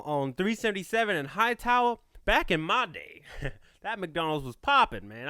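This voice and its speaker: A young man hosts a casual podcast, telling stories with slangy, joking energy. His voice is bright and somewhat high, jumping up and down in pitch. The sound is dry and close. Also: dry recording. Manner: animated, joking storyteller with slangy talk. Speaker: podcast host.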